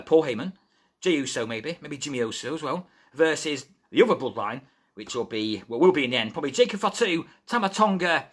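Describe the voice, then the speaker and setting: A chatty man hosts a live wrestling news stream from home, calling his viewers "guys" and getting excited over every story. His voice is bright and forward, with a pitch that swings up and down a lot. He is feverish, but he keeps the talk going. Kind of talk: casual wrestling news chat.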